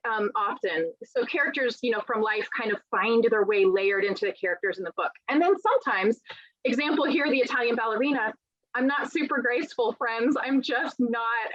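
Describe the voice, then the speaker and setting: A middle-aged woman author in a conversational interview, telling lively stories and acting out quoted dialogue. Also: a little high, no room sound. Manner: animated storyteller, acts out quoted dialogue. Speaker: author guest. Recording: dull, lo-fi sound.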